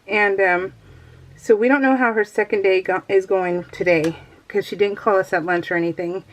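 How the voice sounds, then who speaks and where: A woman's voice: medium pitch, fairly even intonation, moderate pace. A middle-aged woman talks casually to her viewers as she works on a craft project. She rambles from thought to thought and often breaks into light laughter. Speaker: crafting vlogger. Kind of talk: casual chat while crafting.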